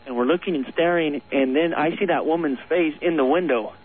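A man's voice: fairly high pitch, fairly quick, slightly rough. A man calling in to a radio show, telling a long ghost story in an earnest, rambling way with nervous laughs. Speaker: caller. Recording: tinny phone line on radio.

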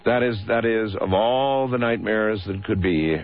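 Wry low-voiced radio call-in host. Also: male voice, a little slow. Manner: wry, teasing, incredulous. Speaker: radio talk show host. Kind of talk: late-night call-in radio. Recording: dull lo-fi radio broadcast.

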